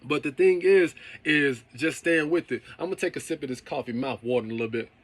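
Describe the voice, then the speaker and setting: Casual motivational man, slightly high voice. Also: fast talker. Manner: casual, checks in with "okay?" and "right?". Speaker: car detailing business owner. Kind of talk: motivational talk.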